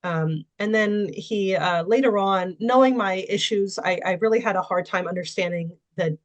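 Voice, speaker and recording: A woman's voice: mid-range voice, moderate pace, highs cut off. Woman guest with a mid-range voice recounting her own story; candid, chatty, unpolished. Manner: candid storytelling, frequent fillers and small laughs. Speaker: interview guest. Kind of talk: personal testimony in conversation.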